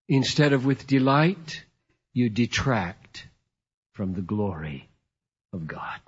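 A middle-aged man preaching a sermon in an emphatic storytelling way, swinging from loud to hushed. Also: mid-range voice, big pitch swings, slow pace, long pauses, slightly rough. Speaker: pastor. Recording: dull lo-fi sermon recording.

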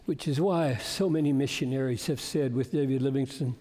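A man preaching a sermon with emphasis, swinging between loud bursts and hushed asides. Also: medium pitch, brisk. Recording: long reverb of a large hall.

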